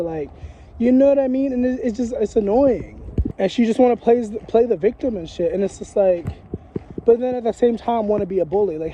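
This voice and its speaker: A man's voice: high-pitched, warm tone, muffled recording, a little hiss or hum. A man talking candidly and at length in a casual walking vlog, rambling with lots of fillers and frequent swearing, recorded outdoors on a street. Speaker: vlogger.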